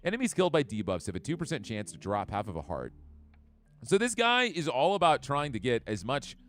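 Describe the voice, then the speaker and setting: Lively upbeat gaming streamer man. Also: medium pitch, fairly quick. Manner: chatty, upbeat, reads chat. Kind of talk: live game commentary. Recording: faint background music.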